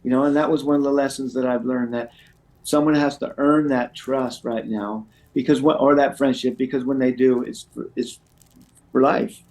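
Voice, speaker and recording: A middle-aged man talking as an interview guest in a casual, earnest way. He speaks with passion, stumbling over restarts and leaning on "you know" and "right?". His voice sits at an ordinary pitch for a man. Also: steady tone, moderate pace, darkish tone, low-quality recording. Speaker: guest speaker in addiction recovery.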